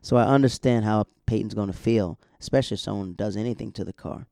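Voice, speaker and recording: A man's voice: fairly low pitch, fast talker, gravelly, mellow, no room sound, clean studio sound. A young man casually recapping a TV episode, rambling and correcting himself as he goes. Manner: rambling, chatty, self-correcting asides. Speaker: show recap host.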